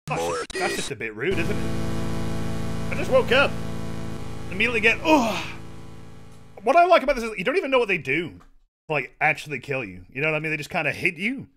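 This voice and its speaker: A man streaming a game, giving casual commentary, excitable and swearing often as he yells at what happens on screen. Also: sits high, brisk, long pauses. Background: game music.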